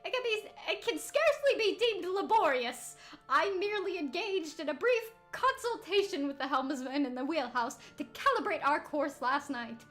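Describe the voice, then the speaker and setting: A woman's voice: extremely high pitch, animated, moderate pace, a bit bright, soft background music, pitched above the performer's own voice. A woman reading out the lines of a formal male ship's benefactor in ornate, stilted language. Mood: composed.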